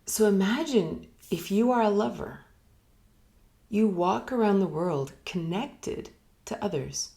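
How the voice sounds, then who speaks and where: A woman giving a reflective spiritual teaching in a live online session, musing and unhurried, sometimes dropping almost to a whisper. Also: medium pitch, expressive, gravelly, mellow. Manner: unhurried, musing, drops to near-whispers at times. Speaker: meditation teacher. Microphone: live online broadcast.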